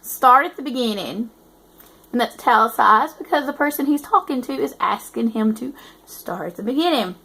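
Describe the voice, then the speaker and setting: A woman's voice: on the high side, lively intonation, normal speed, fairly bright tone, breathy edge. A woman author reading her book aloud and breaking off into self-mocking, chatty asides.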